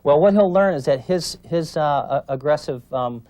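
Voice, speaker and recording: A man's voice: fairly high pitch, normal speed, warm tone, no echo. Man coaching dog training, dry sound. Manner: patient, explanatory, coaching with frequent "okay?" check-ins. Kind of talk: instructional demonstration.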